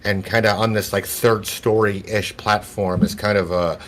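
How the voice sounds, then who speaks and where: A man's voice: lowish voice, steady tone, a little slow, a bit bright. A man narrating as game master of a tabletop role-playing game, describing scenes in a loose, rambling way. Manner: descriptive, loose, full of "like" and "kinda".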